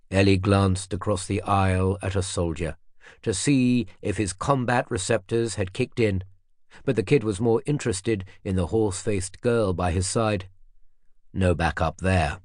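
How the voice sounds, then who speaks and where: A man with a fairly low voice narrates a thriller audiobook in a measured, even way. The recording is close and completely dry. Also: no room sound. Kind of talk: scripted narration.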